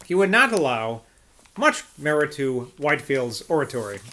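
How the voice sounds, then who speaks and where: Male audiobook narrator, plain reading, casual asides, small slips, slightly high voice. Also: sing-song, moderate pace, sharp tone. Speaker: audiobook reader.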